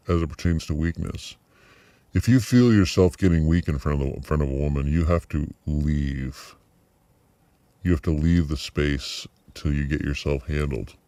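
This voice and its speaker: A middle-aged man with an extremely low, deep voice muses aloud in a personal video diary. He pauses often, circles back and restarts his sentences. The sound is dry and close, with almost no room echo. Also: warm tone. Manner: reflective, halting with many fillers and restarts. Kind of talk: personal vlog monologue.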